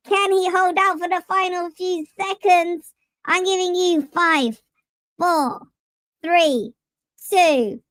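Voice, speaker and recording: A man speaking through a high-pitched voice changer on a live stream, doing goofy impressions and mock commentary. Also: bright, forceful tone, no room sound, exaggerated voice. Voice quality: chipmunk-like, childlike pitch. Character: squeaky voice-changed fan, male adult.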